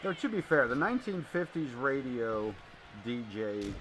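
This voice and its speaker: A man streaming live, calling wrestling play-by-play and chatting casually in an excitable, rambling way, swearing now and then. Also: medium pitch, normal speed, slight background noise. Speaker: streamer commentating a wrestling game. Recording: music playing behind.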